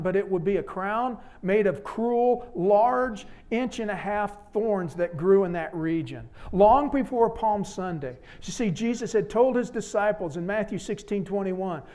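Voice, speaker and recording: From a church pulpit in the sanctuary, a man with a fairly high voice preaches at a measured pace with hardly any pauses. His dramatic delivery swings from hushed, earnest appeals to loud exclamations.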